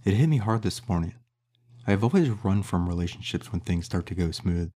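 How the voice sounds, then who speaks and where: A man's voice: low voice, lively intonation, fairly quick, mellow. A man voicing a young man who speaks earnestly and confessionally to the woman he loves.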